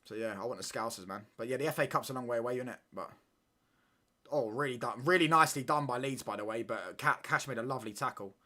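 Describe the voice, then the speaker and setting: A man hosting a live football watchalong, talking in excitable, slangy banter and reacting to the play as it happens. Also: medium pitch, fast. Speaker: watchalong streamer.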